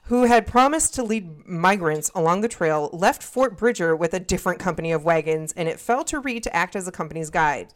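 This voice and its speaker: A woman with a lowish voice co-hosts a casual podcast. She reads from her notes, then breaks off to explain in a loose, chatty way and swears freely. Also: lively intonation, a little fast, few pauses. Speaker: podcast co-host.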